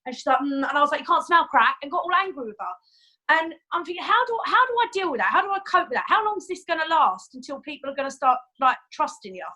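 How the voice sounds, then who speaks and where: Woman from the United Kingdom, group member on a video call, high bright voice, agitated and rushed. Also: sing-song, low-quality recording. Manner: agitated, tells the story in a rush with lots of fillers. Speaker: group member asking a question. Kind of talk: casual spoken question on a video call.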